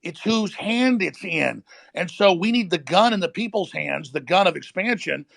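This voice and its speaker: A man hosting a heated political talk, ranting fast and emphatically. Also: sits high, animated, creaky, fairly bright tone, dry recording. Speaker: host.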